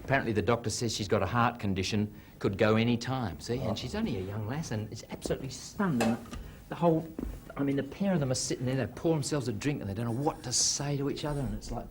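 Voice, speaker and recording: A man's voice: mid-range voice, fast talker, hardly any pauses, background noise. A man chatting while he paints on a television talk show, narrating his brush strokes and telling jokes. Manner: rambling, self-narrating, jokey. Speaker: guest painter. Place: TV studio.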